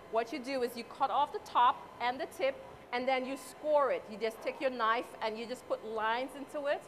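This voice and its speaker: A woman's voice: fairly high pitch, fairly bright tone, slight background noise. A woman from Saint Croix with a Crucian Caribbean accent, giving a chatty live cooking demonstration and joking with her audience. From Saint Croix, US Virgin Islands. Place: event hall with live audience.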